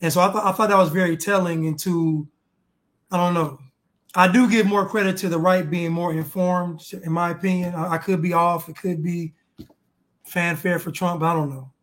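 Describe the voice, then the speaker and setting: Animated high-voiced man telling stories. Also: moderate pace. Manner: animated storyteller, acts out dialogue; casual, with many restarts. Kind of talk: casual political chat.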